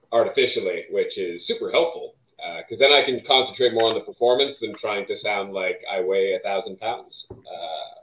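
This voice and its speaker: Low-voiced man in a roomy echo. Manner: relaxed, thoughtful. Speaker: voice actor guest. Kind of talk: casual interview answer.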